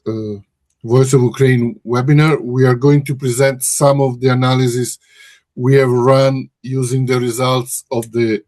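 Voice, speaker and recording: Man, slow and hesitant, dry close sound, webinar host. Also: medium pitch, a little mellow, no echo. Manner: hesitant, frequent restarts and self-corrections. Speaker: webinar host and research director. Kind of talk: presenting a webinar. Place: office in Brussels.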